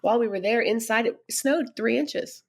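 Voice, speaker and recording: Animated storytelling woman, middle-aged. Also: fairly high pitch, normal speed, gravelly, slightly rough. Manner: animated, laughs often while telling stories. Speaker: podcast guest. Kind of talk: candid conversational storytelling.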